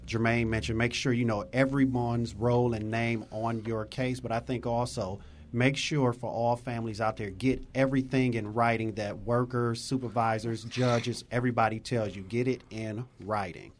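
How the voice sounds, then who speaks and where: Calm man reading out resources. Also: medium pitch, slight background noise. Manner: calm, measured, reads out information. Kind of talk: informational talk.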